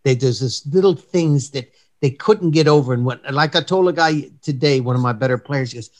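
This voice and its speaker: A man's voice: medium pitch, brisk. A middle-aged man who works as a golf coach, talking bluntly and emphatically in a casual podcast chat, swearing freely.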